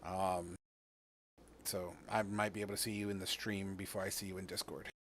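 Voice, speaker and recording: A man's voice: deep voice, little pitch movement, moderate pace, a bit bright, slight background noise. A man running a tabletop game stream, chatting loosely with frequent fillers. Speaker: game master. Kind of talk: casual chat.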